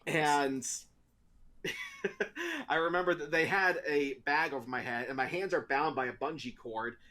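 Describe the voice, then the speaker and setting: A man's voice: fairly high pitch, measured pace. A man co-hosting a casual talk show, telling a story with frequent laughs. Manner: animated storyteller, laughs often. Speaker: podcast co-host. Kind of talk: casual chat.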